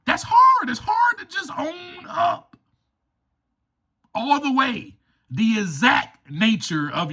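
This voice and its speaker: A man hosting a recovery podcast, talking in an emphatic, preachy monologue and acting out quoted voices. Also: high-pitched. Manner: animated, acts out quoted voices. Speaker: podcast host.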